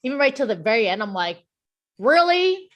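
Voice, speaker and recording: A woman co-hosting a casual podcast chat, laughing often and adding quick asides. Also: medium pitch, animated. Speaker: podcast co-host.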